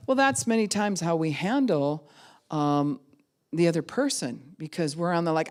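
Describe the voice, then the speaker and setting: A middle-aged woman pastor giving a sermon, animated and acting out the voices of the people she quotes. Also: fairly low pitch, moderate pace. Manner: animated, acts out quoted voices of kids and adults.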